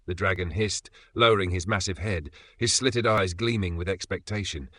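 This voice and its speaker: A man reading a scripted fantasy story as narrator, with even, dramatic storytelling. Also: deep voice, moderate pace, hardly any pauses, no echo, studio quality.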